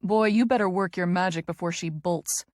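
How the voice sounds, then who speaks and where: Woman voicing a brisk, sassy best friend. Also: on the low side, a little mellow, dry recording, clean studio sound, natural voice.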